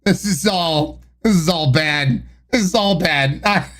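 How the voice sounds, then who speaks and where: A man's voice: high-pitched, lively intonation, measured pace, few pauses, a bit bright. A man streaming live, chatting casually and mocking his own corny jokes. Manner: wry, self-mocking, sighs and laughs.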